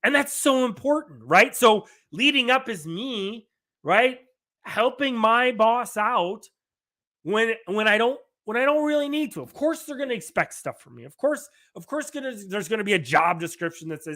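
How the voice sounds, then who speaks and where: A middle-aged man hosting a podcast, delivering an energetic solo rant, emphatic and often asking "right?" while acting out quoted dialogue. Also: extremely high pitch, moderate pace. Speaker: podcast host.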